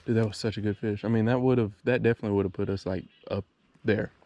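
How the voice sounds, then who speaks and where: A gravelly, low-pitched man, talking casually to the camera from a kayak on a lake. He is excitable and quick to get frustrated, and he mutters to himself. Clear outdoor noise runs under his voice. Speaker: kayak fishing vlogger. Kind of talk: casual vlog talk to camera. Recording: noisy outdoor camera audio.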